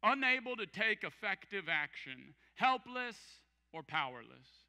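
A pastor delivering an emphatic sermon, repeating key phrases and acting out quoted voices. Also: male voice, sits high, bright, forceful tone, clear, resonant tone. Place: large church hall. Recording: church hall with long reverb.

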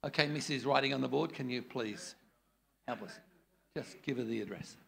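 A man's voice: mid-range voice, normal speed, creaky, a bit bright. An older man running a preaching workshop, blunt and jokey, acting out different tones of voice as he teaches. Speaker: preaching trainer.

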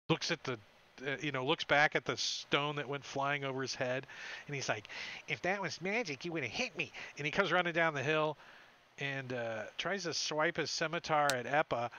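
Bright-voiced man running a tabletop game. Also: mid-range voice. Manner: animated, puts on quick goblin voices, laughs often. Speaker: game master.

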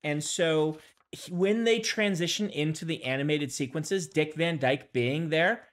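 A man co-hosting a podcast, talking in a thoughtful, casual way with frequent pauses. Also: a little high. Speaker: podcast co-host, author. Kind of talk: casual conversation.

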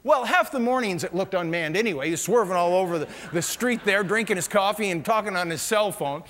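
A man's voice: high-pitched, animated, a little fast, fairly bright tone, a little hiss or hum. A middle-aged man preaching a sermon, telling humorous stories and laughing at his own jokes. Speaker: pastor. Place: large church hall. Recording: reverberant church hall.

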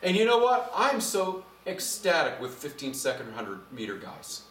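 A middle-aged man preaching a sermon as pastor, conversational and animated, getting louder as he drives his points home. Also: fairly high pitch, moderate pace. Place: church sanctuary. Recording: echoey church from a distance.

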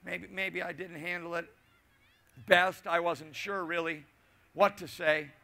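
A middle-aged male pastor preaches a sermon, telling a personal story full of asides and repetition while swinging between loud and hushed. His voice is high-pitched and creaky, with a flat delivery at a measured pace.

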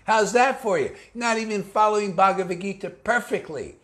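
A man's voice: high-pitched, normal speed. A man giving an informal sermon to devotees, slangy and conversational, mocking the views of others. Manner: animated, mocking, acts out quoted voices. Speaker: spiritual teacher.

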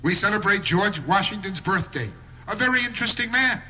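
A man's voice: high-pitched, expressive, fairly quick, pushed and bright. A man doing a live stand-up routine with a wry observational delivery and bursts of mock outrage. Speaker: stand-up comedian.

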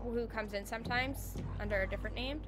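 A woman's voice: fairly high pitch, fairly quick, fairly bright tone, slight background noise. A woman streamer chatting casually with her live chat while playing a horror game. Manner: chatty, bubbly, talks to chat.

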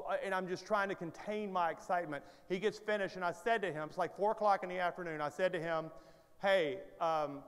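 A middle-aged male preacher with a high voice tells a story from the pulpit, playful and animated, teasing the congregation as he goes. His voice rings out with a long reverb through a large church hall. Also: smooth. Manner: animated, self-deprecating humor, playful asides to the crowd. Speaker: guest preacher. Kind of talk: storytelling sermon.

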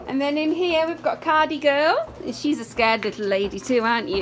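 Recorded on a phone outdoors by the kennels, a woman at a dog rescue does a casual walkaround introducing new dogs, cooing baby talk to them. Her voice sits high, she speaks at a moderate pace with hardly any pauses, and the clip is very noisy.

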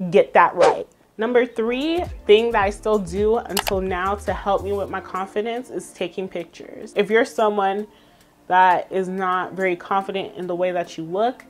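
A young woman, talking straight to her viewers in a casual motivational vlog, sassy and emphatic, laughing often. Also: medium pitch. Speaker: vlogger.

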